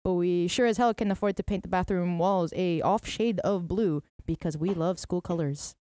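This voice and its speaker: A woman's voice: normal speed, warm tone, no room sound, clean studio sound. A young woman co-hosting a casual chat, slangy and joking, reading a sponsor bit. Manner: slangy and joking, drops low for punchlines. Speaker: podcast co-host.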